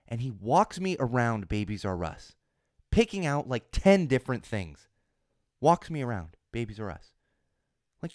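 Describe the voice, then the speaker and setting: A man in his thirties with a hoarse voice from a cold, hosting a podcast in a casual, rambling monologue with lots of restarts and emphatic repeats. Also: medium pitch, darkish tone, dry recording, clean studio sound. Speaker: podcast host.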